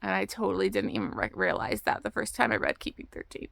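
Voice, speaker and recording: A woman's voice: medium pitch, sing-song, fast talker, creaky, fairly bright tone. A young woman vlogging casually outdoors about books, rambling and emotional, often restarting her sentences. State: tearful. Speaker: book vlogger. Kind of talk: casual chat.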